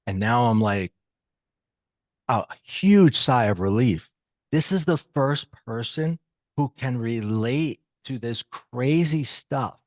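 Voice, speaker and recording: A man guest on a podcast, telling a personal story in an animated way and acting out the dialogue he quotes. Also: mid-range voice, no room sound.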